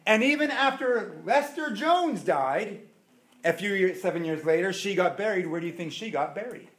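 A man preaching a sermon as a pastor, emphatic, with dramatic pauses and swings between loud and soft. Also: high-pitched, animated. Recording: echoey room.

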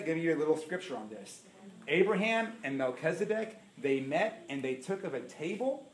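A middle-aged man preaching a sermon as pastor, telling stories with big swings between loud and hushed. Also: mid-range voice, slight background noise. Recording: echoey room.

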